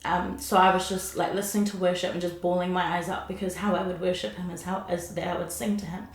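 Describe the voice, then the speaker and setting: A woman sharing her faith story in an earnest, animated way, sometimes laughing. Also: lowish voice, fast talker. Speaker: guest. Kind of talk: emotional faith testimony chat. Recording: roomy echo.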